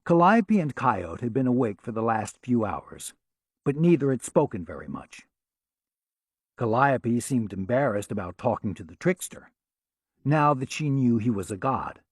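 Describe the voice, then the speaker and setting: A male audiobook narrator with a measured, wry delivery. He reads slowly, and his pitch moves freely through the lines. The recording is dry and close to the mic. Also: sing-song, husky, no room sound. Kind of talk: scripted narration.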